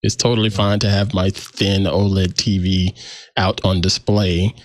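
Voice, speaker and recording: Lower voiced guy on a tech podcast, laid back, lots of uh and you know, dry mic. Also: little pitch movement, a little slow, no room sound. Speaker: podcast co-host. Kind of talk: casual tech chat.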